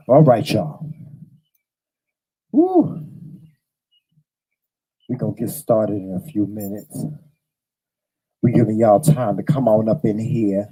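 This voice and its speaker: A man's voice: fairly low pitch, dark tone, breathy edge, rough recording. A man in his fifties hosting a livestream from home, talking casually with a drawling, chatty manner and greeting viewers by name. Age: 50s. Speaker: livestream host. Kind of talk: casual chat to a live audience.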